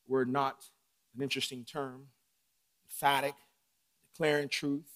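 A man preaching a sermon from the pulpit, dropping to hushed lines and climbing to shouts. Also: mid-range voice, level tone, measured pace, pauses often. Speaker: pastor. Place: church sanctuary.

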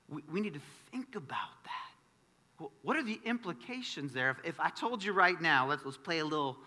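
A man preaching a sermon as pastor to a congregation, talking conversationally and swinging between loud emphasis and quiet asides. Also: sits high. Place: church sanctuary before a congregation.

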